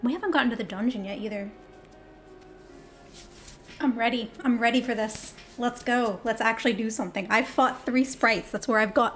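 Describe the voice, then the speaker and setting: Chatty, high-voiced young woman streamer. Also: moderate pace, faint music behind. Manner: chatty, laughs easily, reads game dialogue aloud in character. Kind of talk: casual live gameplay chat.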